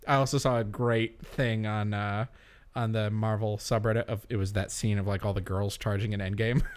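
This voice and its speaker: A man co-hosting a casual podcast chat, rambling and animated, laughing often. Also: on the low side, moderate pace, clean tone. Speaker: podcast co-host.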